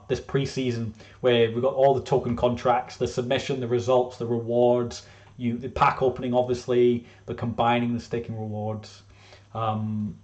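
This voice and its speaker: A man's voice: medium pitch, a little mellow, muffled recording. A man presenting his own game casually, rambling with lots of fillers and restarts.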